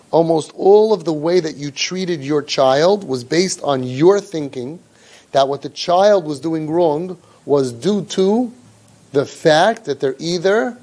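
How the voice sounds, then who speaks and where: A man's voice: fairly high pitch, warm tone. A man leading a parent training group, talking sarcastically and mimicking children and parents. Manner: sarcastic, mimics kids and parents in exaggerated voices. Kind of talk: spoken parent training talk.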